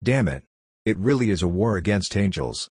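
A man's voice: on the low side, big pitch swings, normal speed, darkish tone, husky. A man voicing a wary male middle-rank demon who mutters to himself, in an audiobook. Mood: grumbling.

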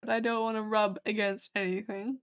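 A woman's voice: medium pitch, level tone, a little fast. A woman from Australia giving casual, giggly commentary while playing a game on stream and reading its lines aloud.

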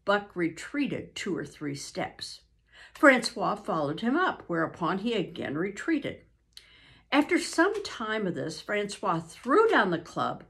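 Slow-reading grandmother. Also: mid-range voice. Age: older. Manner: unhurried, with frequent ums and restarts. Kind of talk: reading a novel aloud.

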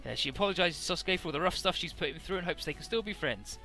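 A man's voice: high voice, lively intonation, racing, pushed and bright, soft background music. A man casually recapping a game's story, chatty, with many filler words and the odd swear. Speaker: let's play narrator.

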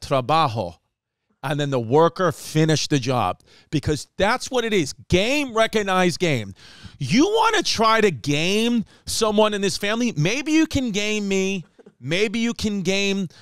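A man's voice: high-pitched, smooth, dry recording, studio quality. A man, a comedian and podcast host telling a rambling story and acting out the people in it. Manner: animated, acts out quotes, rapid run-on storytelling.

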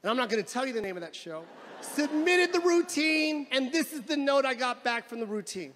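High-voiced male stand-up comic, shouting. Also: brisk, big-room sound, slight background noise. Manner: animated, building to shouted punchlines. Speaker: stand-up comedian. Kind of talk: stand-up routine.

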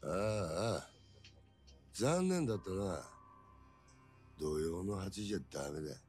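Snarling yakuza thug. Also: male voice, low voice, animated, moderate pace, darkish tone, faint music behind. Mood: smug. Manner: snarling, taunting. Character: arrogant menacing male yakuza lieutenant. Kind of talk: game voice acting.

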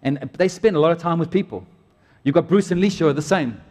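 A man preaching a sermon to his church in a chatty, joking way with animated bursts. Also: fairly high pitch, fast talker. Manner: conversational, jokey preaching with animated outbursts. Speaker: pastor. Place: church auditorium. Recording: long hall reverb.

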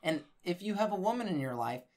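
A man's voice: high-pitched, very animated, fast talker, darkish tone, slight background noise. A man co-hosting a casual podcast, bluntly interrupting with profane retorts. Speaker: podcast co-host.

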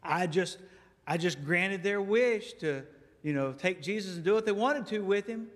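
A man putting on Pilate, shrill and excitable. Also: moderate pace, close to an everyday voice. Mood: eager. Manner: loud, exclaiming, high-pitched put-on voice. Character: eager, scheming male Roman governor. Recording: echoey church hall.

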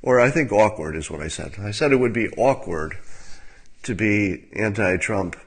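Male commentator, low-pitched, dry musing delivery, casual webcam talk. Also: expressive, moderate pace, breathy edge. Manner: wry and musing, with filler words and soft laughs.

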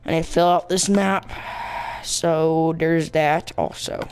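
Slow, rambling young-sounding gamer guy. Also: a little high, steady tone, soft background music. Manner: rambling, playful, self-mocking chatter with silly sound effects. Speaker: gaming channel host. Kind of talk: let's-play game commentary.

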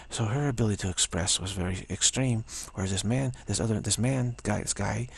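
Man, raspy, creaky fry, sore throat, rambling spiritual storytelling, many restarts. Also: lowish voice. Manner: rambling, repeats himself, halting restarts. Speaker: spiritual teacher. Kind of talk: casual spoken reflection.

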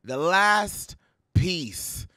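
A young adult man giving playful, sassy pop culture commentary to camera, dramatic and full of mock quotes and quick laughs. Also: high voice, very animated, pushed and bright, no echo, clean studio sound. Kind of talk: animated casual commentary to camera.

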